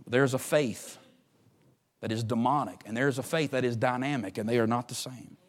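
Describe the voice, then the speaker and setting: A man preaching a fervent sermon, swinging between hushed lines and loud ones. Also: medium pitch, moderate pace. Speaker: pastor.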